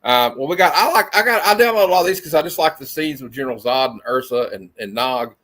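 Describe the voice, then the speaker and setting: A man hosting a casual movie chat, animated and quick to laugh. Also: a little high. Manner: animated, quick to laugh, slips into silly impressions. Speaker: host of a movie discussion show. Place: home setup on a video stream.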